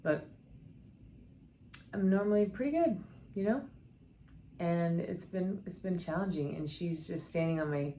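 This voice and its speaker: Middle-aged woman, pretty low voice, earnest devotional storytelling, lots of ums and restarts, faint hiss behind. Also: a little slow, long pauses, mellow. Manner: earnest, candid, with many fillers and restarts. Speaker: scripture storyteller.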